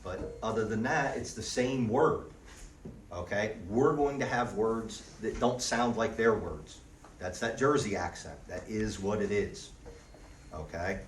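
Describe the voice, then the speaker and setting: A man teaching a language class in a relaxed way, often checking in with the students by asking "okay?". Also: lowish voice, unhurried, slight background noise. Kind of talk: classroom lesson. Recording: roomy, distant audio with faint background ambience.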